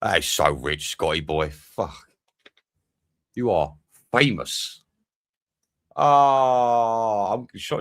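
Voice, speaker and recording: A man's voice: fairly low pitch, very slow, long pauses, dry recording, clean studio sound. A man streaming a football watch-along, swearing, venting and chatting with his viewers. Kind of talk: live match commentary and chat.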